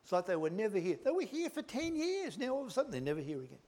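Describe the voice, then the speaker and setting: A middle-aged male preacher giving a sermon, swinging from loud emphatic lines to hushed whispered words. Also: high-pitched, huge pitch swings, very fast.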